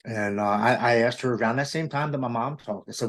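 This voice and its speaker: A man earnestly telling his recovery story, halting often with restarts and repeated words. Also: medium pitch, a bit bright. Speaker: podcast guest. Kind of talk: candid personal recovery story.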